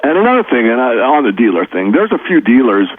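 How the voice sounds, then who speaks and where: A man's voice: medium pitch, big pitch swings, quick pace, slightly rough, dry recording. A man talking as an interview guest in a casual, earnest, folksy way, repeating his practical points. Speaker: precious metals educator, guest. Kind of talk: casual explanatory interview talk. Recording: tinny phone line.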